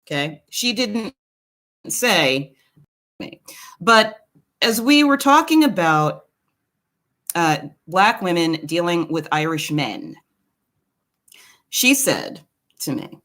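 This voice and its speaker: A woman from Brooklyn telling a personal story in a casual, digressive monologue, with quick asides to the viewer. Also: fairly low pitch. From Brooklyn, New York. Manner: animated, swings her voice widely. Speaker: commentary channel host.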